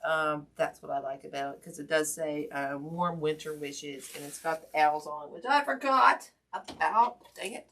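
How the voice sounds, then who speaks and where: A woman's voice: low-pitched, moderate pace, hardly any pauses, a bit bright. A woman hosting a casual wreath-making livestream, folksy and chatty with lots of ums, greeting viewers by name while her hurt hand aches.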